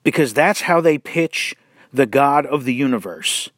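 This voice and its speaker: Male preacher, blunt and sardonic, deliberate pace, dry close sound. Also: mid-range voice, animated, dry recording. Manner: blunt and mocking, with sarcastic asides; slow and deliberate, drawing out words for emphasis. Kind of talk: sermon-style commentary.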